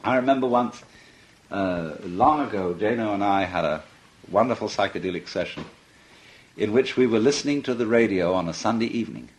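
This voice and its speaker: Older male lecturer, animated intonation, conversational and amused. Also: on the low side, fairly quick, rough recording. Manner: conversational and amused, with frequent laughter. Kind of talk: philosophical lecture.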